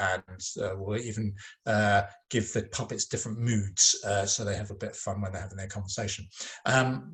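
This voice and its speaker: A middle-aged man teaching a recorded French lesson to children, patient and encouraging, modelling sounds slowly between many fillers. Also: lowish voice.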